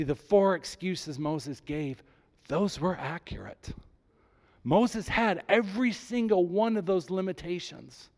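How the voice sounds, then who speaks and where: A man preaching a sermon, rising with emphasis and dropping low and soft when he voices God's words. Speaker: pastor.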